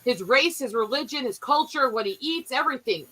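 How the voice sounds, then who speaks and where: A woman in casual commentary chat, blunt and animated, swearing freely and mimicking people as she retells stories. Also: high-pitched, a little fast, poor audio.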